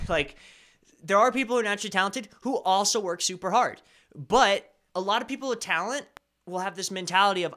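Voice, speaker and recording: A man's voice: high-pitched, expressive, a little fast, pushed and bright. A man from Colorado with a slight Colorado accent, hosting a live stream and chatting casually with viewers in a rambling, self-correcting way. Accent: slight Colorado American. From Colorado, USA. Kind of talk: casual chat answering viewer chat.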